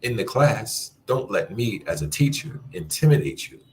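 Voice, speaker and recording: A man teaching a language class, encouraging his students and repeating phrases slowly for them to practice. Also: on the low side, big pitch swings, a little mellow, a little hiss or hum. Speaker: Spanish teacher. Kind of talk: live online language class.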